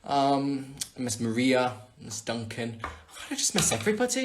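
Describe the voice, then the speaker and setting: A man's voice: on the high side, sing-song, unhurried, long pauses. A Scottish man hosting a casual live Q&A on his phone, chatting playfully and reading out viewer questions. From Scotland. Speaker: livestream host answering fan questions.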